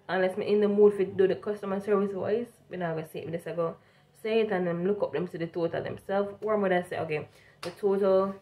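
A woman's voice: lowish voice, a little mellow. A young woman from Jamaica with a strong Jamaican accent, telling a vlog story casually and animatedly, slipping between standard English and Jamaican Patois. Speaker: vlogger.

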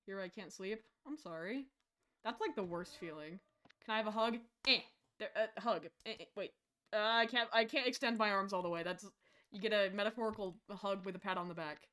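Playing a horror game on stream, a woman talks briskly in a mid-range voice, rambling and joking with her chat. Her delivery lurches from yelled insults to quiet mumbling asides.

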